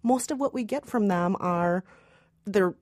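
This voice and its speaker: A woman's voice: medium pitch, measured pace, darkish tone, no echo, studio quality. A woman co-hosting a casual movie review chat, frank and playful. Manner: frank, playful, laughs easily. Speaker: film critic co-host.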